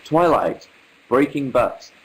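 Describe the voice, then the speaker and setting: A man's voice: mid-range voice, lively intonation, takes it slowly, a little hiss or hum, low-quality recording. A young English man hosting a casual livestream, reading viewer comments aloud with wry, amused asides in an articulate manner. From England. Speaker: livestream host.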